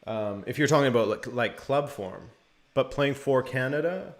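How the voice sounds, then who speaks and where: A man's voice: medium pitch, normal speed. Casual man doing live match commentary. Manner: relaxed play-by-play mixed with chat replies.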